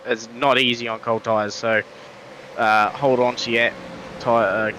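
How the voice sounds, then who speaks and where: A man commentating a sim race live, chatty and quick with frequent restarts, his voice going hoarse. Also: mid-range voice, flat delivery. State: losing his voice. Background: race car engine noise.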